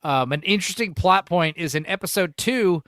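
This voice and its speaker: A man's voice: sits high, expressive, moderate pace, fairly bright tone, no room sound, clean studio sound. A man hosting a podcast, rambling and profane in casual chat, laughing often. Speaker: podcast host.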